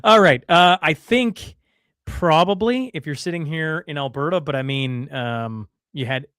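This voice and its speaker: A man's voice: on the high side, unhurried, fairly bright tone, clean tone, no room sound, clean studio sound. A man co-hosting a podcast, reading headlines in a chatty way and calling his listeners folks. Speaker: podcast co-host. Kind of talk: casual news commentary.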